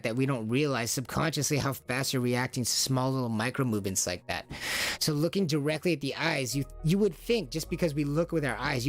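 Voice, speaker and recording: A stream host talking through a casual monologue, asking rhetorical questions and acting out short quoted lines from parents and children. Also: medium pitch.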